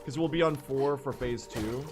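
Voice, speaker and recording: A young man streaming a speedrun, chatting casually, joking with chat, swearing and bursting into shouts. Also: medium pitch, moderate pace, over music. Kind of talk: casual livestream commentary while gaming.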